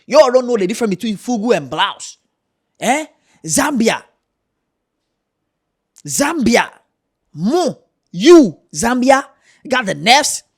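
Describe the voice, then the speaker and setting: A man's voice: very high-pitched, very animated, slow pace, pauses often, husky. A man with a Ghanaian accent giving a heated, mocking commentary rant, emphatic and repetitive. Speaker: commentary host.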